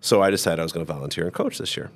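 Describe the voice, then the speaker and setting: A man's voice: deep voice, rapid-fire. A man hosting a podcast, telling stories in easygoing casual chat with his co-host. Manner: easygoing, storytelling.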